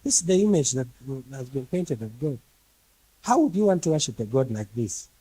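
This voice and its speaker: Brief: male preacher, mid-pitched mellow voice, emphatic, stacks repeated phrases. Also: very animated, moderate pace, husky, no echo, rough recording. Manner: emphatic, rhetorical questions to the congregation. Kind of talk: sermon.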